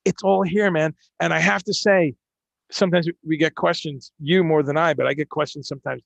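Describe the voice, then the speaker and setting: Gravelly chatty male stream host. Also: high voice, a little fast, no room sound. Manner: animated, chatty, many restarts. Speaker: podcast host. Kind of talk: casual interview chat.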